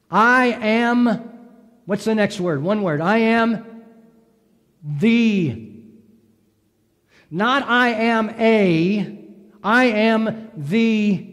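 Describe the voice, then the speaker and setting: A high-voiced man preaches slowly from the pulpit, drawing out his words and pausing for the congregation to answer. His voice rings through a church sanctuary with a long reverb. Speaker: pastor. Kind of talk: sermon.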